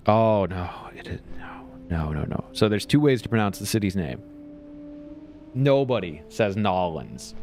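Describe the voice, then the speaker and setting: A man's voice: on the low side, big pitch swings, unhurried, darkish tone. A man chatting casually while streaming a game, rambling along and chuckling often. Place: home.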